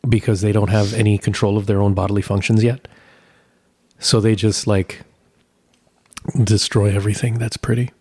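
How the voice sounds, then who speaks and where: A husky, low-pitched man chatting casually as a podcast co-host. He teases his partner and jokes around with a light, playful manner. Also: level tone, normal speed, pauses often, a little mellow. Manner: playful, teasing, puts on a child's voice. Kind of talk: casual chat.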